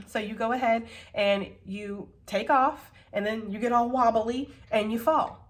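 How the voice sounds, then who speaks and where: A woman's voice: on the high side, normal speed. A woman giving a tarot reading to her viewers, earnest and reassuring, openly emotional and swearing casually. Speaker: tarot reader.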